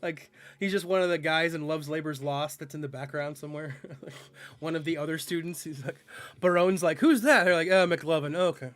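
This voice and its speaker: A man's voice: fairly high pitch, fairly even intonation, fairly quick, a bit bright, no echo. A male streamer in casual live-stream chat, joking with his viewers and tripping over tricky words.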